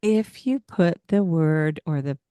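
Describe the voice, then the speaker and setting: A woman's voice: sits low, takes it slowly, dark tone, no echo, clean studio sound. A woman hosting a parenting podcast in casual chat, laughing often and acting out the lines a parent might say.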